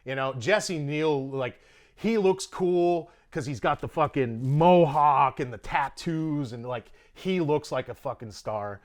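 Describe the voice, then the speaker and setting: A man telling a story in a casual podcast chat, animated and heavy on profanity. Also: a little high, unhurried. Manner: profane, animated storyteller who puts on a Russian accent in quotes. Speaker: guest comedian. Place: podcast studio in Austin, Texas.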